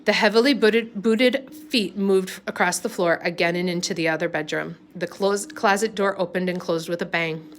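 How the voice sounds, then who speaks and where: A woman reading a novel aloud, unhurried, with small slips and restarts. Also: on the low side, slight background noise. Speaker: reader.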